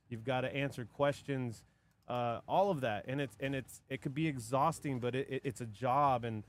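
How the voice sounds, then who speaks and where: A man commentating and judging a live drift event, rambling casually with many restarts. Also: medium pitch.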